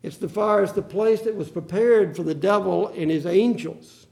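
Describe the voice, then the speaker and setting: A man's voice: high-pitched, normal speed, creaky, mellow. A male pastor preaching a sermon, acting out the Bible quotes with drama.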